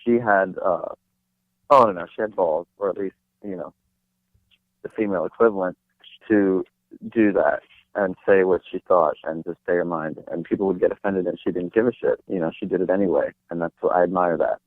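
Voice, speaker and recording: A man's voice: low voice, fairly quick, no room sound. A young man from New Jersey, a guest actor chatting casually in an interview, rambling with lots of fillers and restarts. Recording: dry tinny phone line.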